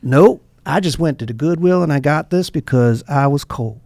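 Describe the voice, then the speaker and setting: A man's voice: on the high side, normal speed, creaky, darkish tone, no room sound. A man quoting a plain-spoken Southern drywaller. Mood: matter-of-fact. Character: calm helpful drywaller from the South.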